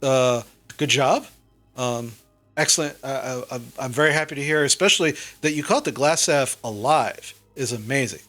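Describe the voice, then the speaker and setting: A man's voice: medium pitch, moderate pace, a bit bright, soft background music, lightly acted. A man voicing a blunt, businesslike retired older man who rambles with many fillers.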